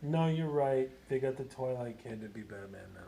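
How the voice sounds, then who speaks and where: A man talking as a guest in a casual chat, rambling and profane, trailing off quietly. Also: mid-range voice, lively intonation, moderate pace, gravelly, slight background noise.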